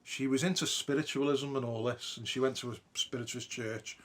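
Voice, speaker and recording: A man's voice: medium pitch, steady tone, brisk, a bit bright. A man, hosting a podcast and telling a ghost story in a casual, sweary way. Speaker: podcast host.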